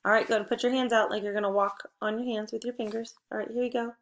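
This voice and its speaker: A woman teacher giving a spelling and phonics lesson to first graders, patient and encouraging, prompting with clear cues. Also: fairly high pitch, little pitch movement, fast. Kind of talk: phonics lesson for young children.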